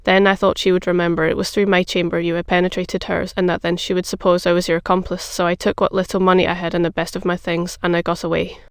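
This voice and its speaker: An audiobook narrator voicing a frightened, devoted young chambermaid who pleads for help, in a crisp, level reading. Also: female voice, fairly low pitch, little pitch movement, fast talker, few pauses, dry recording, studio quality, lightly acted. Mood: pleading.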